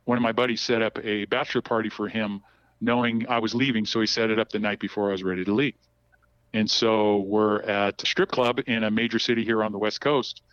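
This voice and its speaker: A man's voice: fairly low pitch, little pitch movement, brisk, a bit bright, dry recording. A middle-aged man telling long personal stories as a podcast guest, rambling with many restarts. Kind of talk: casual storytelling. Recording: dull, dry, lo-fi sound.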